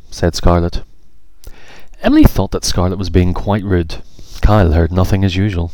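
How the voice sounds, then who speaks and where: A man narrating a children's storybook in an expressive, measured way. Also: sits low, no echo.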